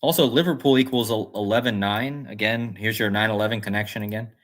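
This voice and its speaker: A man's voice: lowish voice, steady tone, fast talker. A man hosting a casual livestream, rambling and musing aloud as he reads chat comments. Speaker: livestream host.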